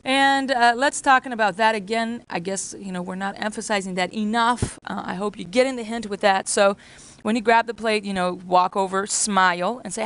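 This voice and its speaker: A woman's voice: mid-range voice, normal speed, fairly bright tone, smooth, rough recording. A woman training restaurant staff. She talks in a repetitive, coaching way and often acts out exchanges with customers. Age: adult with children. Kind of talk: workplace training talk.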